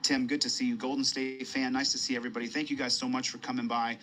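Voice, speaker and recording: A man's voice: medium pitch, level tone, quick pace, sharp tone, poor audio. Rambling male livestreamer, faint background hiss. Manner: rambling, repeats himself, greets viewers. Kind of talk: casual live stream chat.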